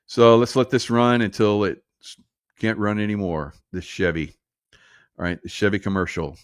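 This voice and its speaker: A man's voice: on the low side, fairly even intonation, moderate pace, clean tone, no echo, studio quality. A man hosting a casual political commentary show, sarcastic and laughing through mocking asides.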